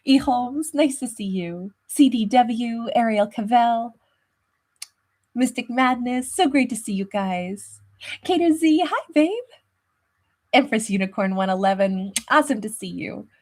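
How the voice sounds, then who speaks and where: A woman with a slightly high voice hosts a live tarot stream. She chats casually, greets viewers one by one with pet names like sweetheart and babe, and laughs easily. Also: animated, measured pace. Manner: warm, chatty, laughs often, calls viewers babe and sweetheart. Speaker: tarot reader and channel host.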